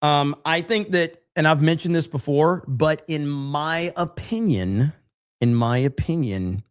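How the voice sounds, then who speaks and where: A man's voice: fairly high pitch, unhurried, clean tone, no room sound, studio quality. A man hosting a casual livestream podcast, laid back and chatty, reading out viewer comments with plenty of fillers. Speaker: podcast host.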